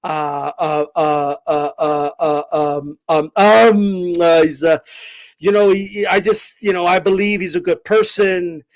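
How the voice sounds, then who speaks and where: A man doing a mocking impression of a male boxing champion, stammering and halting, piling up fillers over and over. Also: high voice, fairly even intonation, no room sound, pitched below the performer's own voice. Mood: mumbling, evasive.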